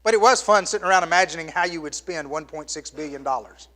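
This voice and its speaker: This middle-aged man preaches as a pastor, his voice a little high and his delivery fast. He swings from loud exclamations to hushed, almost whispered lines.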